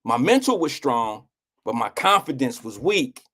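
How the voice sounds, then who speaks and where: A middle-aged man hosting a live show, telling a personal story in a blunt, animated way, with casual swearing and acted-out quotes. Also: a little slow. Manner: animated, acts out quotes with swings in pitch. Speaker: host.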